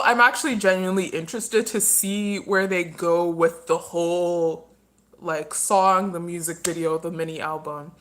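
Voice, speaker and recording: A woman's voice: on the low side, a bit bright. A woman hosting a casual livestream, rambling through her opinions and talking while she eats. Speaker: livestream host.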